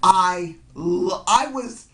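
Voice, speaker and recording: Hoarse from yelling and low on sleep, this excitable fan rambles through his wrestling show review in a casual vlog, slurring a little. He has a high voice and draws out his words.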